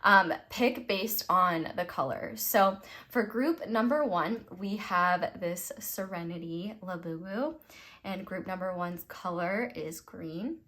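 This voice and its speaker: A woman's voice: fairly low pitch, slow pace, fairly bright tone. A young woman reading tarot for her viewers in a casual, rambling way, laughing often at her own jokes. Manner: giggly, rambling, self-deprecating. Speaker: tarot reader.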